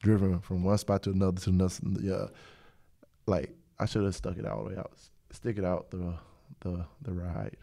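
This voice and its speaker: A young man hosting a casual podcast conversation. His voice sits on the low side, and he drifts through stories with plenty of laughter. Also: level tone, moderate pace, gravelly, dark tone. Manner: rambling storyteller, laughs often. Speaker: podcast host. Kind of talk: casual chat.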